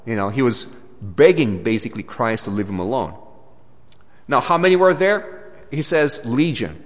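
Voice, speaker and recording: A man with a Romanian accent, a native Romanian speaker, preaching a sermon in an animated, emphatic way, often restarting and stepping into asides. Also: medium pitch, normal speed, long reverb tail.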